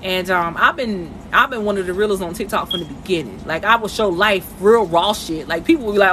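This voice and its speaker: Woman, live streaming from bed at home, bright tone, emotional and chatty, faint noise behind. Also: mid-range voice, a little fast, few pauses. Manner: emotional, conversational, addresses viewers directly. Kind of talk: casual live-stream monologue. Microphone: phone.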